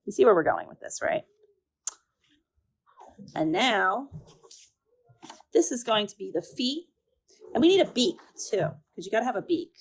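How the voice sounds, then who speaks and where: A woman's voice: mid-range voice, very animated, unhurried, pauses often, slightly rough, poor audio. A woman teaching a paper craft step by step, chatty and a little self-mocking as she works. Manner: chatty and self-deprecating, talking while working. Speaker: art teacher.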